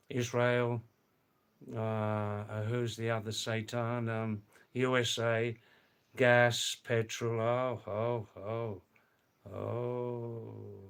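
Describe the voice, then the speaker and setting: An older man hosting a casual live stream from home, reading viewer comments in a slow, rambling way and repeating his words. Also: mid-range voice, smooth. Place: home in a small farming hamlet.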